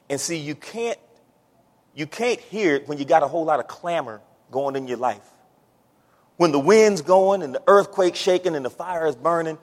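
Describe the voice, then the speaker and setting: A man preaching a sermon, swinging from hushed near-whispers to loud shouts. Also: fairly high pitch, big-room sound.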